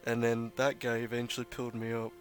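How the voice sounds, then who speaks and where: A man's voice: medium pitch, completely flat delivery, fast, soft background music. A man who runs a tabletop game, chatting casually during a break and telling a rambling story with plenty of swearing. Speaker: game master.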